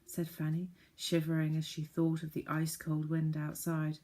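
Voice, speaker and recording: A woman narrating a children's storybook with gentle, clear reading. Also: deep voice, monotone, moderate pace, hardly any pauses. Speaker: audiobook narrator.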